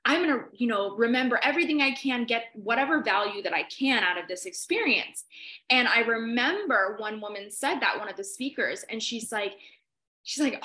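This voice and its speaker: A young woman chatting as a podcast guest, telling pageant coaching stories with enthusiastic, animated energy. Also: fairly high pitch. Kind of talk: casual podcast chat.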